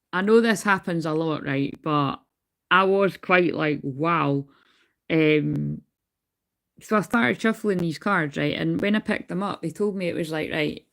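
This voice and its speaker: Creaky-voiced chatty Scottish woman. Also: fairly low pitch. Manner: chatty, rambling, swears casually. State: tired. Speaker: tarot card reader. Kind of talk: casual live stream chat. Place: in bed at home.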